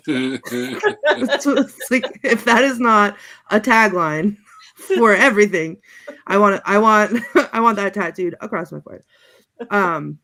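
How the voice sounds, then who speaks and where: A woman on a panel chatting casually, laughing often and halting with many fillers. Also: medium pitch, lively intonation, bright, forceful tone. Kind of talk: casual chat, recounting movie quotes.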